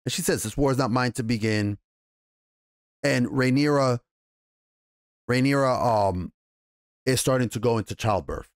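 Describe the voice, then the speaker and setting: New york dude reviewing a tv finale, swearing a lot, animated rambly recap, mid-pitched voice, dry close mic. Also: male voice, no echo. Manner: animated, profane, loose retelling with acted quotes. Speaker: TV show reviewer.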